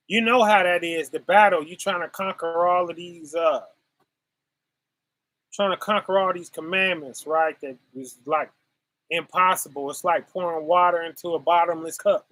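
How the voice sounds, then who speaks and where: Slow, high-voiced preacher man talking scripture. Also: pushed and bright, no echo. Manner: preachy, folksy, repeats "right?" and "y'all". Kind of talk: informal scripture teaching.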